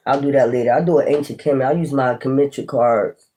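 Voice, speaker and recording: A man's voice: mid-range voice, warm tone, slight background noise. A man reading tarot in a casual, rambling vlog chat, talking while he chews. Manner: chatty, slow and rambling, talks while chewing. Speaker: tarot reader.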